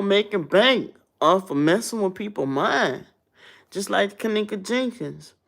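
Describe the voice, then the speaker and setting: A woman in her thirties, a vlogger telling stories in a blunt, casual, animated way. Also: low-pitched. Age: 30s. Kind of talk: casual storytelling rant.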